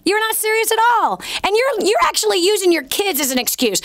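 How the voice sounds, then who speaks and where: High-voiced blunt woman host. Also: big pitch swings, fairly quick, hardly any pauses, a bit bright, no echo. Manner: blunt, teasing, storytelling with acted quotes. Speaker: show host giving advice. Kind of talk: call-in advice show.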